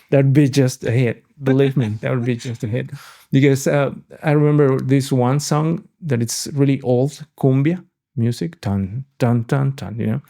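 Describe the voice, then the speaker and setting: Middle-aged male host; mellow, gravelly, animated and profane. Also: medium pitch, moderate pace. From Mexico. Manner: animated, swearing, laughing storyteller. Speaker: podcast host. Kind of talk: casual podcast conversation.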